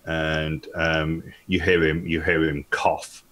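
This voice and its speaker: A man's voice: a bass voice, little pitch movement, slow pace, a bit bright. A man playing a tabletop game, describing his moves hesitantly with many fillers. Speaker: player.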